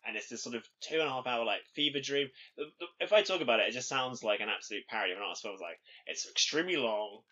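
Bright, rambling male co-host. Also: mid-range voice, expressive, racing, hardly any pauses, dull audio. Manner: rambling, filler-heavy, laughs often. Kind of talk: casual chat.

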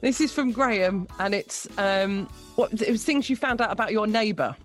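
A woman co-hosting a radio show, reading a listener's story aloud with lively, amused storytelling. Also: mid-range voice, moderate pace, soft background music. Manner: lively, amused storytelling, laughing between lines. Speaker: radio co-host.

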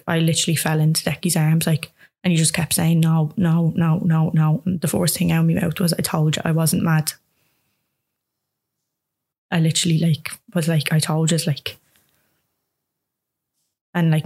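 A woman's voice: sits low, a little mellow. A young woman telling a personal story in an interview, rambling with many fillers and acting out dialogue.

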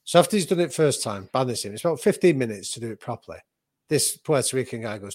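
Man telling a lively story. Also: medium pitch, no echo. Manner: vivid anecdotal telling, quick restarts. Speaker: boxing coach and author. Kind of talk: animated conversational storytelling.

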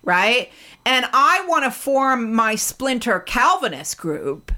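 A woman's voice: fairly high pitch, sing-song, slow, pushed and bright. A woman in casual chat who rambles, stammers and swears often. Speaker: podcast co-host.

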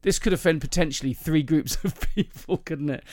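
A male podcast host chats casually and tells jokes, rambling and laughing often. His voice is on the high side with a darkish tone, and he talks fairly quickly in a dry, clean studio recording.

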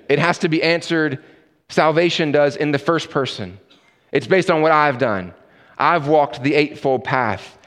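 A male pastor delivering a sermon in a church sanctuary, voice slightly higher than most men's. His words ring out with a long hall reverb, and he slips into lively storytelling and acts out the dialogue.

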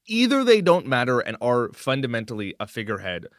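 A man hosting a casual political chat, teasing and quick to push back. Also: medium pitch, huge pitch swings, no room sound, clean studio sound. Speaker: podcast host.

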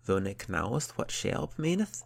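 A man voicing an excitable, playful young girl who eagerly teaches words to a friend. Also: lowish voice, normal speed, creaky, husky, heavily acted. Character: lively excitable young English girl sailor.

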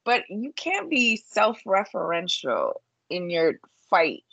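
A woman's voice: medium pitch, wildly swooping pitch, slow pace, vocal fry, a bit bright, husky, no echo. A woman with a New York accent co-hosting a casual chat, blunt and profane with lots of fillers. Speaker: podcast co-host. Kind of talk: casual chat about reality TV.

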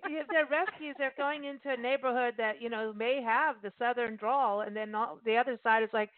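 A woman's voice: fairly high pitch, a little fast, no room sound. Chatty woman host on a tinny line. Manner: lively, chatty, laughs and puts on voices. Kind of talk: casual interview chat. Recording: phone-like remote call audio.

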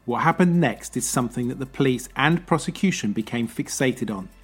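An English man narrating a true crime podcast in a measured, explanatory manner. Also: medium pitch, expressive, breathy edge, faint music behind. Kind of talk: scripted narration.

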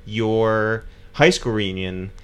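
A man's voice: fairly low pitch, fairly even intonation, slow, background noise. A man hosting a casual interview, easygoing and laughing along with his guest. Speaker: podcast host.

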